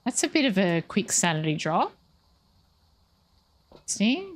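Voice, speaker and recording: A woman's voice: mid-range voice, sing-song, slow. A woman streaming a ghost-hunting game, thinking aloud and questioning the ghost. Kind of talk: live gameplay commentary.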